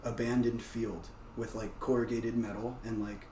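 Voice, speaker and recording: A man's voice: on the low side, normal speed. Chatty man, roomy distant sound. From United States. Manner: loose and animated, frequent "like" fillers. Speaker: guest, martial arts practitioner. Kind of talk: casual storytelling conversation. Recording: roomy, distant mic, faint background noise.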